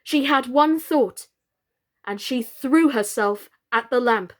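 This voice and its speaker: A woman reading a children's book aloud as a storyteller, slow, gentle and expressive. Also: sits high.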